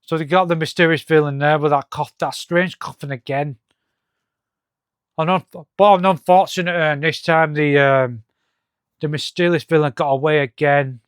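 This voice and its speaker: Guy going through a comic, kinda high clean voice, lots of um and uh, stops and restarts a lot. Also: fairly even intonation, smooth, dry recording, studio quality. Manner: halting, hesitant, many fillers and restarts; reads comic dialogue aloud in his own voice. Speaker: comic reviewer. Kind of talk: casual comic-book walkthrough.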